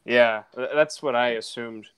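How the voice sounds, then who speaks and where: A man's voice: mid-range voice, a little slow, clear, resonant tone, dry recording. A man appearing as a podcast guest, speaking hesitantly and repeating words as he starts. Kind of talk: casual chat.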